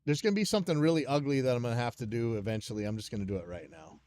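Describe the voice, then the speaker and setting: A man's voice: mid-range voice, racing, a little mellow. A man hosting a live stream, rambling and muttering to himself in a self-deprecating way as he works through a music session at his computer. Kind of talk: casual thinking-aloud commentary while working.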